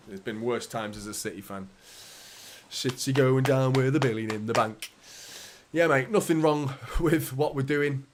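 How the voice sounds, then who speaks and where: A man's voice: mid-range voice, steady tone, unhurried, pauses often. Chatty English man streaming live. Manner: chatty, defensive, swears casually, laughs between points. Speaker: football fan channel host. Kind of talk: live stream chat reading.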